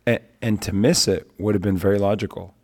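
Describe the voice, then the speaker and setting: A middle-aged evangelist man tells stories in a lowish voice on a faith talk show. He is animated and brings the people in his stories to life, switching between them as he goes. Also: fairly quick. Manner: animated storyteller, acts out quotes. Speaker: traveling worship leader and evangelist.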